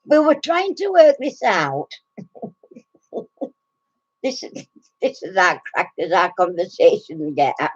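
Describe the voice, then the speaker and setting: A craft channel host in her sixties, sounding out of breath, chats casually with her live stream viewers, giggling and greeting them by name. Her voice is fairly high with a darkish tone, and the audio is dull.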